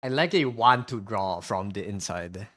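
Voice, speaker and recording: A man's voice: on the low side, lively intonation, unhurried, a bit bright, no room sound. A man streaming live while he draws, talking casually in a hesitant, rambling way, full of restarts and repeated words. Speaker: streamer and artist.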